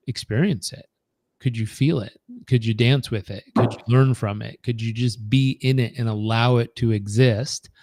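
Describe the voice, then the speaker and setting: A man's voice: mid-range voice, a little mellow, no echo, clean studio sound. A man coaching in a live training session, telling stories in an earnest, repetitive way. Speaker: performance coach.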